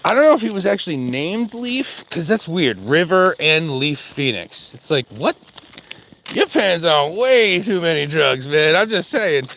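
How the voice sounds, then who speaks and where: A man's voice: on the high side, sing-song, normal speed, fairly bright tone, slight background noise. A man rambling jokily while live-streaming a walk outdoors with his dog, chatting to his viewers. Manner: jokey, rambling, talks to chat and his dog.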